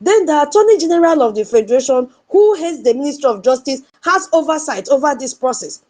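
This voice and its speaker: A woman's voice: high voice, lively intonation, fairly quick, darkish tone. A Nigerian woman giving an impassioned political commentary, repeating her points and asking her audience rhetorical questions.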